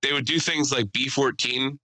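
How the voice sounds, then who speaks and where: A man's voice: medium pitch, fairly even intonation, normal speed, bright, forceful tone, no room sound, low-quality recording. A young man co-hosting a casual podcast, telling stories with crude jokes and putting on voices. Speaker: podcast co-host. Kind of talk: casual chat.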